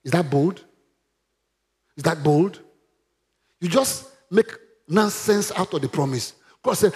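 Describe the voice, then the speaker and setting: A man's voice: a little high, expressive, slow, long pauses, darkish tone. A man preaching a sermon, emphatic and calling on the congregation to repeat after him. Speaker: pastor.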